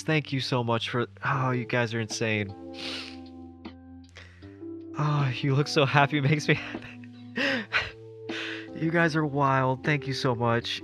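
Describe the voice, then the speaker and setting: Male streamer, drawn-out unhurried talk, overwhelmed and grateful, lots of laughter. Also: medium pitch, bright, forceful tone. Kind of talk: live stream chat reaction.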